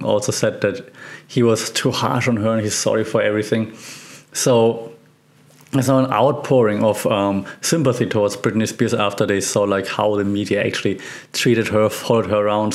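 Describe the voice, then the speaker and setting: A man's voice: lowish voice, creaky. A man hosting a solo podcast, commenting on media news in a casual, rambling way with many fillers and restarts. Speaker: podcast host.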